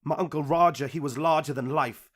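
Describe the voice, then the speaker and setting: A man's voice: fairly high pitch, fairly quick, voice pushed up, lightly acted. A man rapping a cappella in a put-on American accent, rhythmic and earnest, recorded on a USB microphone. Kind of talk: a cappella rap.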